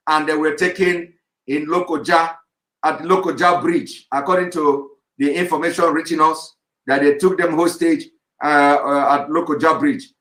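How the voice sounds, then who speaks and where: A man giving a live online address to his followers, insistent and repetitive, in the manner of forceful oratory. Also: sits high. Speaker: activist leader giving a live broadcast. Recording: roomy echo.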